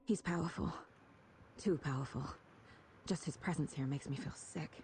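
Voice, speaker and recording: A lowish female voice in a game scene , an actress playing a troubled investigator thinking aloud. She sounds tense and shaken, with faint noise under the audio. The delivery is inward and uneasy. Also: moderate pace, darkish tone, natural voice. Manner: tense inner monologue, shaken. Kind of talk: video game voice acting.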